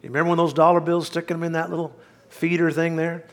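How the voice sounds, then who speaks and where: A man's voice: fairly high pitch, level tone, fast. A male pastor, preaching a sermon in a folksy, emphatic way with bits of humor.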